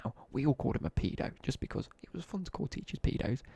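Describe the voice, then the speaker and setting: A man's voice: medium pitch, sing-song, fast talker, creaky, dark tone, husky. A young man with a British accent telling laddish school stories in casual live-stream chat while gaming. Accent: British English. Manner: chatty, laddish anecdotes with slang, asides while gaming.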